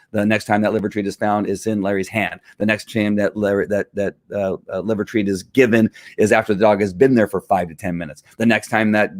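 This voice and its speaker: A man's voice: on the low side, dry recording. A middle-aged man talking casually about dog training, rambling with fillers and restarts. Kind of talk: casual talk answering viewer questions.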